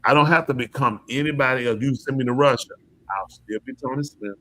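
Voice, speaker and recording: Male podcast host, mid pitch, preachy casual talk, emphatic delivery. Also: fairly quick, sharp tone. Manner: emphatic, preachy, asks the listener questions.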